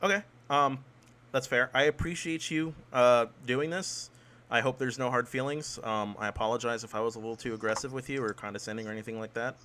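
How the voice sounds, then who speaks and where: A man hosting a debate, speaking in a calm, measured and conciliatory way. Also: medium pitch. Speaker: debate host.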